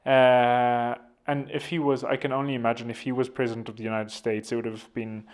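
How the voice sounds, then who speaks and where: A young man with a South African accent talking casually at a middle pitch. He rambles from point to point and keeps making self-deprecating jokes. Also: level tone, fairly quick. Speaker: vlogger. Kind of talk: casual political commentary.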